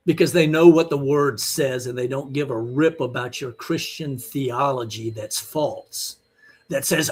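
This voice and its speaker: Husky man, fiery preaching. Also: a little high, unhurried. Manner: emphatic, blunt and scolding. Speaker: Bible teacher. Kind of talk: online teaching sermon.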